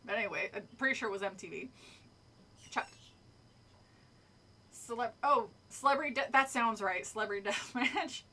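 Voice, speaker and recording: A woman's voice: fairly high pitch, moderate pace, long pauses, bright, forceful tone. A woman streamer reading a book aloud and chatting casually with her viewers, laughing often and swearing freely. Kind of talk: casual read-along with chat.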